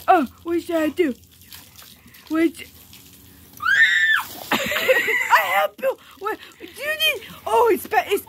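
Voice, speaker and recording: A woman voicing a playful, boastful pet dog battling water, speaking in excited, stammering baby-talk for a home video. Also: extremely high pitch, exaggerated voice.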